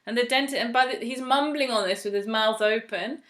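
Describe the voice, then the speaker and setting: A woman's voice: a little high, a little fast, fairly bright tone. A woman from England telling a personal story, chatty and earnest with many fillers, acting out the voices of others as she goes. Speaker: devotee sharing a personal story.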